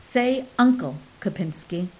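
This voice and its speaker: A woman voices a reclusive older man in an audiobook, weary on the surface. His threats come out quiet, even and chillingly calm. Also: medium pitch, measured pace, slightly rough, poor audio. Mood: quietly menacing. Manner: quiet, controlled, deadly calm.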